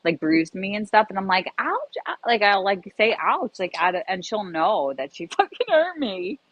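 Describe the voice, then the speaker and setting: A woman's voice: mid-range voice, moderate pace, dry recording, muffled recording. A woman chatting casually on a live panel, giggly and full of fillers. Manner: animated, giggly, many fillers. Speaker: panel guest. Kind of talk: casual chat.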